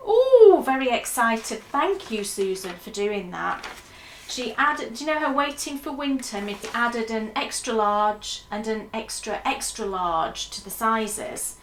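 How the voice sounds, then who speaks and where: A woman's voice: on the high side, bright, forceful tone, reverberant, a little hiss or hum. A woman co-hosting a knitting podcast, chatting enthusiastically and rambling about her projects. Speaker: podcast co-host. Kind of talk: casual knitting podcast chat.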